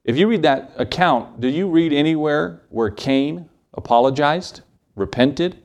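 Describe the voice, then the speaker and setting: A man's voice: fairly high pitch, expressive, unhurried, darkish tone. A man preaching a morning sermon, asking the congregation rhetorical questions and acting out short quotes.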